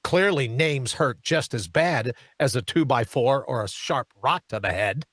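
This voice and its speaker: A man's voice: mid-range voice, expressive, measured pace, fairly bright tone, no echo. A man hosting a political talk show in a studio, delivering an emphatic monologue full of hammering rhetorical questions and mocking asides.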